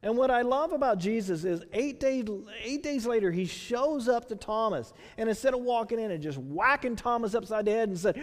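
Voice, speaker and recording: Texan pastor guy preaching, high voice, lots of rhetorical questions, long church echo. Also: animated, brisk, hardly any pauses. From Texas. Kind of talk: sermon. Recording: long hall reverb.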